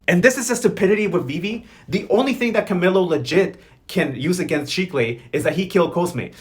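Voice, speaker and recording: Fast-talking sassy man recapping. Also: a little high. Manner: sassy, slangy, mocking quoted characters. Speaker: host. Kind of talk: casual recap commentary.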